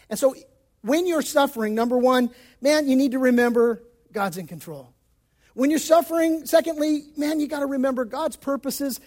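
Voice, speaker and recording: A male pastor with a very high voice preaches a sermon at normal speed in an emphatic, folksy style full of casual slang. He moves between loud stresses and hushed passages.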